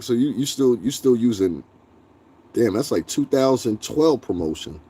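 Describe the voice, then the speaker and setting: Man, livestream host, dark mellow voice, blunt, profane, animated rant. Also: lowish voice, measured pace, husky. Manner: profane, blunt, animated, talks back to chat. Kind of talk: casual ranting livestream chat.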